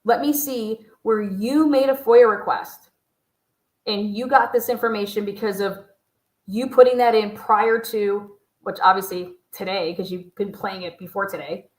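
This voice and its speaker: A woman's voice: mid-range voice, fairly even intonation, unhurried. Blunt, profane woman streaming. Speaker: true crime YouTuber. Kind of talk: casual livestream commentary. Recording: roomy echo.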